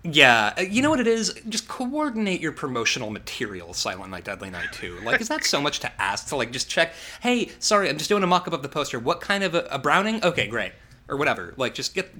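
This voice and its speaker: A man co-hosting a podcast, recapping a horror movie in a casual, sarcastic and profane way, with lively asides. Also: mid-range voice. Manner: animated, profane, sarcastic recapping with acted-out quotes. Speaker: podcast co-host.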